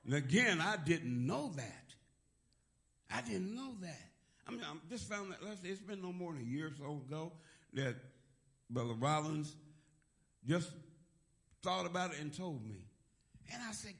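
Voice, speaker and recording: A middle-aged man preaching from the pulpit, his voice sitting a little high and swinging widely as he builds to shouted praise. He drops quiet for asides, then calls the congregation to repeat after him. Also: big pitch swings, unhurried, creaky, long pauses. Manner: call-and-response preaching, rising to shouts; repeats "praise God" often. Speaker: pastor. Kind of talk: sermon.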